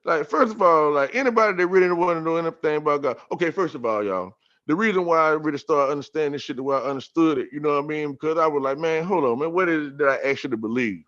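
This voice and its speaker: A man on a podcast telling a story about scripture in a casual, profane, streetwise way, getting animated and repeating himself. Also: fairly high pitch, fast. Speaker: podcast guest. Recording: dull lo-fi sound.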